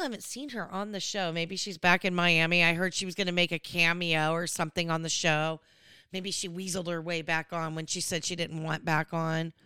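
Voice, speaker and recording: Bright, crisp-voiced gossipy woman. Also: lowish voice, no room sound. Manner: chatty, gossipy, digressive. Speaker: recap host. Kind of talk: casual recap commentary.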